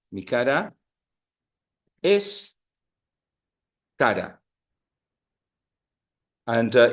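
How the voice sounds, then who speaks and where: A man teaching a Spanish class, explaining grammar and leading drills, with many fillers and restarts. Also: lowish voice. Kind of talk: classroom language lesson.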